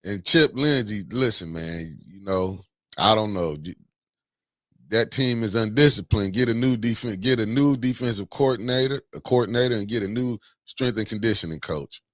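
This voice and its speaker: A man hosting a casual morning livestream, greeting viewers by name with slangy, animated banter. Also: on the low side, moderate pace, no room sound, clean studio sound. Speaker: livestream host.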